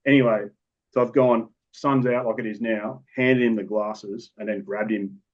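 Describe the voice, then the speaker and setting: A low-pitched Australian man recounts his police work in a podcast interview. He talks matter-of-factly and rambles, often restarting his sentences. The recording sounds dull and lo-fi. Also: fairly even intonation, moderate pace. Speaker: police officer guest.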